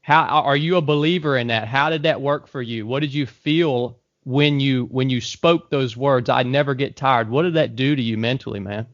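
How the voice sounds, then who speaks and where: A man's voice: mid-range voice, moderate pace, hardly any pauses, no room sound, dull audio. A male podcast host asking long, rambling questions, restarting often and tacking "man" onto his sentences. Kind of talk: conversational podcast interview.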